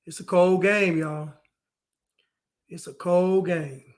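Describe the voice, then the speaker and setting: A man's voice: high voice, steady tone, slow. A man giving a preachy, mocking monologue, repeating phrases for emphasis and acting out other people's lines. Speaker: commentator. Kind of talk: monologue commentary.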